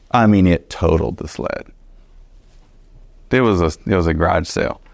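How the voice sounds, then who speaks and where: Low-voiced man teaching Bible study. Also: vocal fry, no echo, clean studio sound. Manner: animated storytelling, many fillers and restarts. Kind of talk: conversational Bible teaching with personal story.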